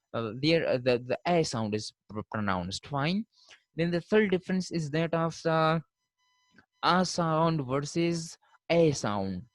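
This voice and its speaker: A fairly high-voiced man teaches a linguistics class. He keeps checking in with a steady "fine" and stretches out each example word so it is easy to follow. His voice sounds close and dry, with no room echo. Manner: punctuates points with a repeated "fine", slows down to spell out example words. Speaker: linguistics lecturer. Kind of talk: recorded classroom lecture.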